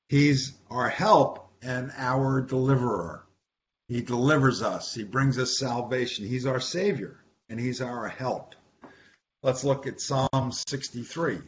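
Man, Bible study teacher, unhurried and chatty, repeats himself, slight hiss behind. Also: mid-range voice. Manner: conversational, repeats words, asks the group questions. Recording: dull lo-fi recording with faint hiss.

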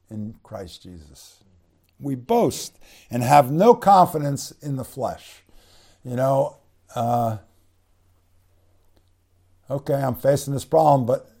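Gravelly, mellow man teaching scripture. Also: medium pitch. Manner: conversational, many fillers and restarts; spells out Greek words slowly. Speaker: preacher. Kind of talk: bible teaching sermon.

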